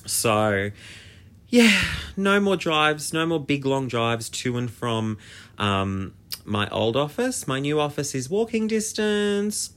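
An Australian man hosting a podcast, telling a story in a chatty, animated way, swearing and filling with "like". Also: mid-range voice, slow. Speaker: podcast host. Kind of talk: casual storytelling monologue.

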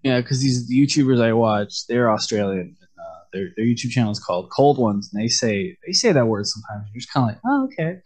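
A married man, a guest on a podcast, chatting in a relaxed way and laughing easily. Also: mid-range voice, a little fast, hardly any pauses, slightly rough. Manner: laid-back, easily amused. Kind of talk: casual chat.

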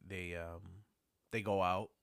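A man's voice: sits low, fairly even intonation, slow pace, a bit bright, clear, resonant tone, dry recording, clean studio sound. A man in a casual podcast chat, reacting in a laid-back way with swearing and musing about comedians. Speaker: podcast co-host.

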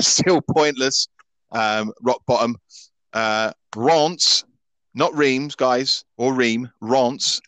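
Hosting a football podcast, a chatty, opinionated Scot in his thirties keeps stumbling and starting his sentences over in casual conversation. The voice sits mid-range with a slight brightness, and there's no room sound.

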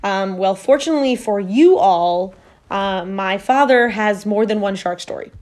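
A woman's voice: mid-range voice, measured pace, a little mellow. A woman hosting a casual podcast at home, telling a family story in a rambling way full of fillers and self-corrections. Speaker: podcast host.

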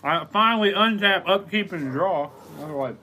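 A man's voice: high voice, expressive, normal speed, pushed and bright, slight background noise. A man playing a card game, talking through his turn and counting out his moves. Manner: thinks aloud, counts and explains his moves.

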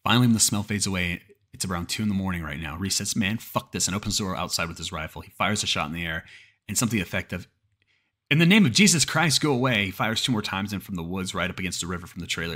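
A man's voice: low-pitched, steady tone, rapid-fire, bright, forceful tone. A man narrating a creepypasta horror story in a cursing, casual way, often restarting mid-sentence.

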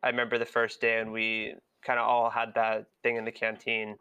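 A man's voice: fairly low pitch, monotone, brisk, pushed and bright, smooth, no echo. A young American man with an American accent, hosting a podcast in easygoing, reflective casual chat. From United States. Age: young adult. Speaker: podcast host.

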